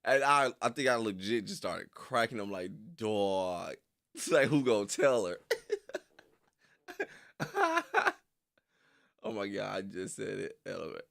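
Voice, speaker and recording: A young man streaming casually to his viewers: loose, slangy, laughing often and jumping into high squeals. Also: wildly swooping pitch, slow, gravelly, pauses often, a bit bright. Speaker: streamer reacting to videos. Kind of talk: casual chat with live viewers.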